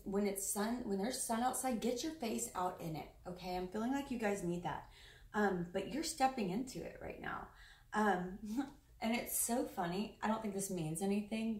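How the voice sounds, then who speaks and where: A woman with a medium-pitched, slightly mellow voice at normal speed gives a casual, effusive tarot reading to camera, rambling and chatty with plenty of fillers and the odd swear word. The sound is roomy and a bit distant from the mic.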